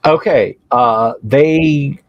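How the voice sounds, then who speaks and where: A man running a tabletop game as game master, describing the scene in an unhurried, halting way. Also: mid-range voice, lo-fi sound, slight background noise. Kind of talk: narrating a tabletop game livestream.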